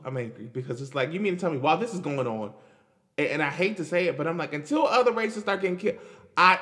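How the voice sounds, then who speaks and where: A man's voice: fairly high pitch, a bit bright, in a large hall. A man hosting his own podcast in a casual solo monologue, talking emphatically with lots of repeats and stammered restarts. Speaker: podcast host.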